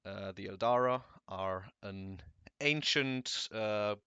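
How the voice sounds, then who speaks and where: A man's voice: fairly low pitch, slow pace, sharp tone, smooth, no room sound, lo-fi sound. A man narrating as game master in a tabletop game, hesitant and full of fillers.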